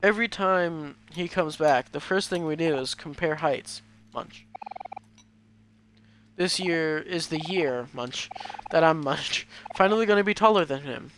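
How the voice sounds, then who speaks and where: A man reading the lines of an energetic, cocky teenage boy, breaking in with munching sounds. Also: a little high, a little slow. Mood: eager. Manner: reads game dialogue aloud, says munch between lines. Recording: noisy recording.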